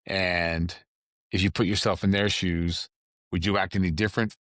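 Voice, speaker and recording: A man hosts a solo podcast in a casual, rambling chat. His voice sits somewhat low and sounds dry and close to the mic. He drifts between asides in an easy, unhurried way. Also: fairly even intonation, fairly bright tone, no room sound. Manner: rambling, loose and conversational with fillers and asides. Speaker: podcast host.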